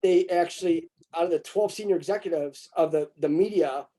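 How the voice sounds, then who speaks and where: Speaking briskly in a slightly high voice with a dark tone, a man rambles crudely in casual conversation. His mocking asides often turn into exaggerated put-on voices.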